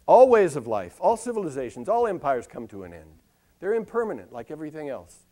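Older male monologist, slightly high voice, dry ironic newscaster delivery, live stage. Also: big pitch swings, mellow. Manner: wry, ironic, with dramatic pauses and lists. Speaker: monologist performing for a live audience. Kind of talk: comic spoken-word monologue with news-style delivery.

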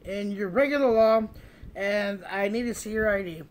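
A man's voice: high voice, normal speed, natural voice. A man putting on the voice of a police officer who sounds chummy yet officious. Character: folksy male police officer.

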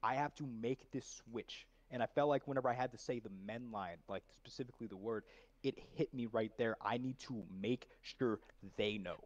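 A man's voice: mid-range voice, moderate pace, muffled recording. A man being coached as a voice actor, thoughtfully explaining how he approached a scene. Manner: thoughtful, explaining his process at length. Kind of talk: reflective conversation.

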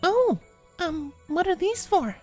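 A man voicing a timid, shy pegasus mare who speaks softly and hesitantly. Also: very high-pitched, sing-song, takes it slowly, faint music behind, pitched above the performer's own voice, exaggerated voice. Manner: soft and hesitant.

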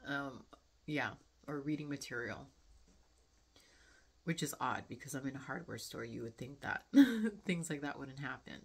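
Low, gravelly-voiced young woman rambling. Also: expressive, measured pace, darkish tone. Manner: chatty, frequent fillers, laughs often, reflective. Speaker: vlogger. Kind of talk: casual rambling monologue.

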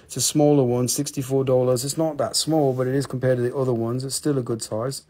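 A man's voice: medium pitch, quick pace, few pauses, darkish tone. A man hosting a live-stream rock and mineral sale, talking casually into a handheld phone, joking, teasing viewers and swearing freely.

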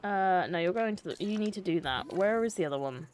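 A woman's voice: lowish voice, lively intonation, a little fast, a little mellow, slight background noise. A young woman streaming a game, chatting to herself and to the characters on screen. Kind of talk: casual gameplay commentary.

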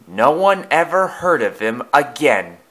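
A man's voice: a little high, big pitch swings, measured pace, a bit bright. A man voicing a vain, sly male engine who loves pranks. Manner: sly, teasing.

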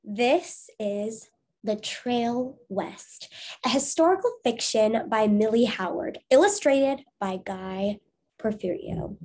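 A woman teacher reading a storybook aloud to her schoolchildren at home, clear and patient. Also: on the high side, darkish tone, slight background noise. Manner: clear, patient, asks the class questions.

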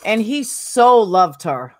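Woman, game streamer, casual chat, swears freely, mid-pitched voice. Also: very animated, slow. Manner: chatty, swears freely, answers viewers by name. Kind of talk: casual chat while gaming.

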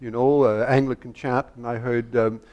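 A man's voice: mid-range voice, level tone, normal speed, darkish tone, dull audio. An older American conductor and harpsichordist, a guest on stage at a public talk, telling anecdotes animatedly and laughing, often restarting his sentences. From United States.

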